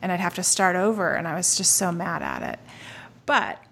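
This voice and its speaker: A woman in her forties talks in relaxed podcast conversation, her voice rough with vocal fry. She tells her stories with animation and doesn't shy away from swearing. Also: lowish voice, moderate pace. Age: 40s. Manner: animated storyteller, swears freely. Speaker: podcast co-host. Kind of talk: casual chat.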